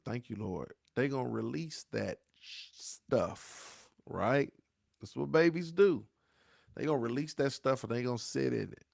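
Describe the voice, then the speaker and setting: Gravelly-voiced man giving a preacher-style grief talk. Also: medium pitch, darkish tone, no room sound, studio quality. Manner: preacher-like cadence, repeats phrases, speaks to listeners as "y'all". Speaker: grief speaker.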